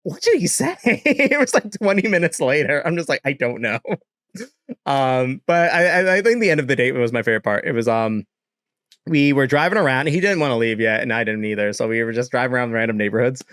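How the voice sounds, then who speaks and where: A man's voice: medium pitch, animated, fairly quick, a bit bright, clear, resonant tone, no room sound, studio quality. A young man casually telling dating stories to a live chat, laughing often, swearing and acting out quotes. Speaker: streamer.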